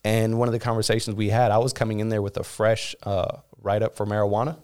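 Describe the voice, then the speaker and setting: A man's voice: fairly low pitch, completely flat delivery, a little mellow, clean tone. A man in his thirties from California, a guest telling his story candidly in an interview, with many fillers and restarts. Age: 30s. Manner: rapid, frequent "you know" fillers and restarts.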